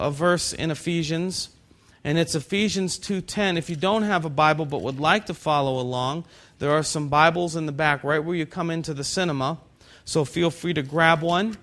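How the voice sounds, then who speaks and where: A man preaching a sermon in a cinema used as a church, with a nasal voice, slowing down to read scripture and stress key points. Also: on the high side, fairly bright tone. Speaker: pastor.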